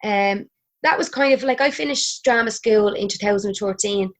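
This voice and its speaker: A woman's voice: medium pitch, moderate pace. A woman in her thirties with an Irish accent, chatting as a podcast guest, laughing and swearing freely. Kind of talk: casual chat.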